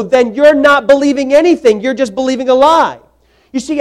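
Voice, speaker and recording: A man preaching a sermon, emphatic, repeating words for stress and putting questions to the congregation. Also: very high-pitched.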